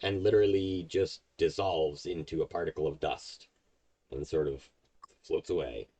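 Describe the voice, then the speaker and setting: A man's voice: very deep voice, normal speed, mellow, husky. A man narrating as game master of a tabletop game, explaining at length with many fillers. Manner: rambling, filler-heavy explaining.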